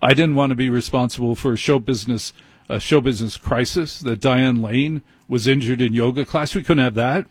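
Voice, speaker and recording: A man's voice: medium pitch, brisk, husky, dry recording. A man hosting a late-night call-in radio show, telling a wry, self-deprecating story in a conversational way. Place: radio studio.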